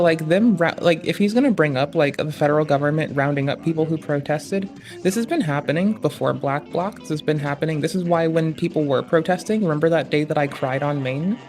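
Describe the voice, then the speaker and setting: A slightly high-voiced man talks over a stream in loose, profane commentary. He rambles and drifts between thoughts, full of slang. Faint music plays behind him. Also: darkish tone. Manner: rambling, digressive, heavy slang and swearing. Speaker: streamer reacting to a debate.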